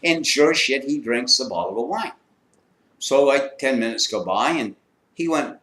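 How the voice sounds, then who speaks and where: A man's voice: medium pitch, lively intonation, normal speed, a bit bright. A man in his sixties telling a rambling, profane anecdote in a casual, gleeful way. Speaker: storyteller. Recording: echoey room.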